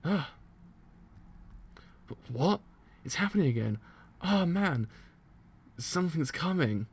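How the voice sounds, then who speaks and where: A man streaming a live reaction as he reads a manga, excitable and given to loud outbursts. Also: on the high side, measured pace, slightly rough. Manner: excitable, bursts into loud outcries.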